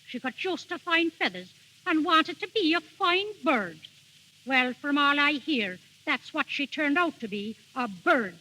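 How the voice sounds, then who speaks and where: An actress playing a stern, bossy mother in a 1930s radio drama, sharp and scolding. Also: sits high, big pitch swings, measured pace, full character voice. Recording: old radio broadcast with long reverb.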